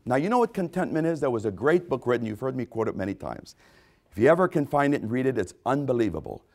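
A man's voice: mid-range voice, a little mellow. A man preaching a sermon with emphatic repetitions, often acting out quoted voices. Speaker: pastor.

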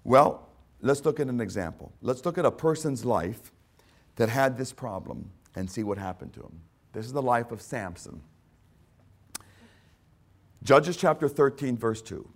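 Animated, fervent male preacher. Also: medium pitch, measured pace, long pauses. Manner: fervent, repetitive, emphatic preaching that swings between hushed and loud; speaks directly to listeners as "my friend". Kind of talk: sermon.

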